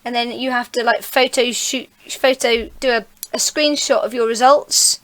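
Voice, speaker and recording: A woman's voice: fairly high pitch, fairly even intonation, moderate pace, fairly bright tone. A woman hosting a casual gaming podcast, chatty and often laughing as she reads out event details. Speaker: podcast host.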